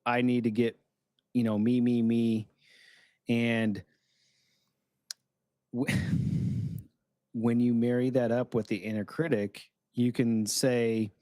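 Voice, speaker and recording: A man's voice: medium pitch, flat delivery, slow pace, long pauses, a little mellow, dry recording. A man on a casual podcast chat, explaining ideas reflectively and voicing an inner critic. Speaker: podcast co-host.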